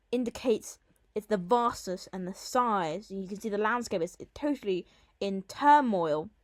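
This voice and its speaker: A woman teacher working through a Latin poem line by line, explaining the devices and slowing down to read the translated lines with emphasis. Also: fairly high pitch, no room sound, clean studio sound. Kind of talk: Latin poetry lesson, line-by-line analysis.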